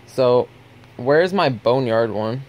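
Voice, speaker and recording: A man's voice: mid-range voice, lively intonation, takes it slowly, a little mellow. A young man telling a heated story in a casual vlog rant, blunt and swearing freely. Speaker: vlogger.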